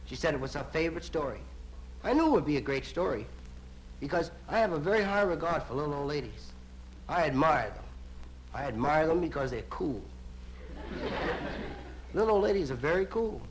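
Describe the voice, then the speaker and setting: Male stand-up storyteller; playful, animated, fairly high, vinyl hiss. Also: fairly quick, pauses often. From United States. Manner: lively, playful storytelling with sudden voice jumps. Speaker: stand-up comedian. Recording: hissy vinyl record of a live show.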